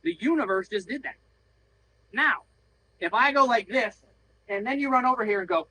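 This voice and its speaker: A man's voice: extremely high pitch, animated, normal speed, long pauses, pushed and bright, slight background noise, low-quality recording. A man working as a horse trainer, coaching bluntly while riding, swearing freely and acting out little voices to make his point. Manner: blunt, profane, acts out voices to explain. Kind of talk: coaching during a training session.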